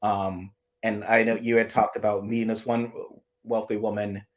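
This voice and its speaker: A man's voice: fairly low pitch, level tone, moderate pace. A man co-hosting a casual live chat, thinking aloud in long analytical asides with frequent restarts. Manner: rambling, analytical, many restarts. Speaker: co-host.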